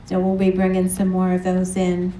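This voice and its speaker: A woman's voice: fairly low pitch, monotone, moderate pace, dark tone, slight background noise. A woman preaching a sermon, earnest and leading the congregation in repeated phrases. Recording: roomy echo from a distant mic.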